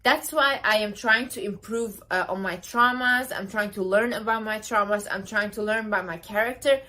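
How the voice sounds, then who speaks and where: A woman's voice: medium pitch, moderate pace, bright, forceful tone. A woman in her twenties giving casual motivational advice to camera, emphatic and sassy, repeating words for emphasis. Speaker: self-help vlogger.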